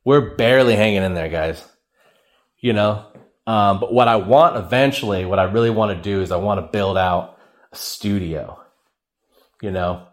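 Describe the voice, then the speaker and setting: A man's voice: fairly low pitch, moderate pace, long pauses. A young man hosting his own podcast, telling comic stories in a rambling, self-mocking way and acting out what people said. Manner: rambling, animated, self-mocking, acts out quotes. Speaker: podcast host. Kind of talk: solo comedic storytelling podcast. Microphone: cheap podcast microphone.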